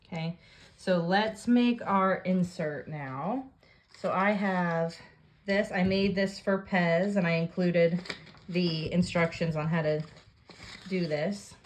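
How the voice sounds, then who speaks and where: A woman with a somewhat low voice guides the listener through a paper craft project. She talks calmly and plainly, describing each step while her hands are busy with the work. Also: takes it slowly. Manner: calm step-by-step instructions while working. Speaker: craft tutorial host.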